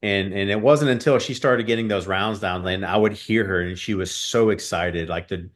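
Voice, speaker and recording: Low-voiced man as an earnest guest. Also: normal speed. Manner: rambling, filler-heavy, earnest. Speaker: guest, shooting coach. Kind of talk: casual interview chat.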